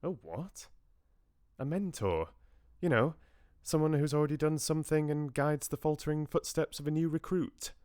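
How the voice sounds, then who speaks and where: A man's voice: a little high, normal speed, a little mellow, clear, resonant tone, no room sound, clean studio sound, pitched above the performer's own voice, close to an everyday voice. A man voicing Bella, a young woman, in a light, wry tone while reading a novel aloud.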